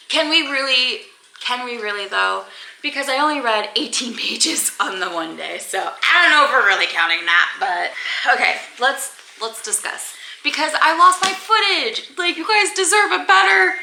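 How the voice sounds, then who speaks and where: Chatty young woman vlogging, bright edgy voice. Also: a little high, creaky. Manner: chatty, rambling, many "like"s and laughs. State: teary, crying. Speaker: book vlogger. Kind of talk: casual reading vlog to camera. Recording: echoey room, faint background noise.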